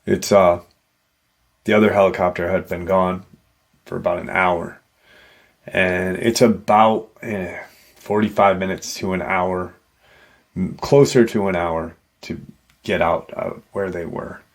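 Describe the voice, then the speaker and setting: A man's voice: deep voice, fairly even intonation, measured pace, gravelly, long pauses. A man hosting a paranormal channel, casually retelling an encounter story in a rambling way with many "you know" asides.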